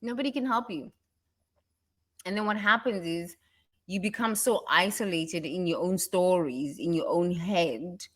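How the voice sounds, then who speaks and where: A woman giving a casual motivational talk, animated and laughing often, breaking into mocking impressions. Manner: animated, laughs often, mimics others in high voices. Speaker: self-help speaker.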